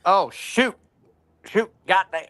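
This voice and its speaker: A man's voice: sits high, takes it slowly, a bit bright. A man joining a casual livestream chat as a guest, joking playfully. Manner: jokey, playful drawl.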